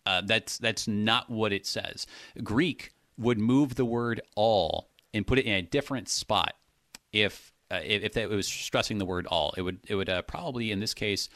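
A man's voice: on the low side, moderate pace, fairly bright tone, no echo, clean studio sound. A man explaining a point of Greek word order in a casual Bible discussion, thinking aloud with many restarts.

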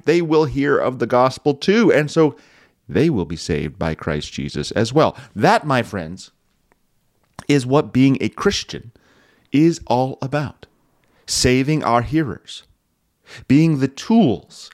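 A man delivers a radio sermon as host, driving his points home with climbing emphasis on repeated phrases and weighty pauses. His voice sits at an average pitch, and the recording is dry and close, with no room sound. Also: no echo. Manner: emphatic preaching with dramatic pauses and occasional chuckles. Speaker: radio show host preaching.

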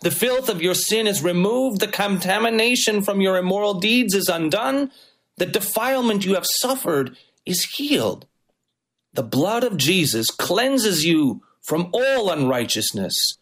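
A man's voice: sits high, animated, a little slow, a bit bright. A male pastor delivering a sermon, preaching with varied, emphatic intonation.

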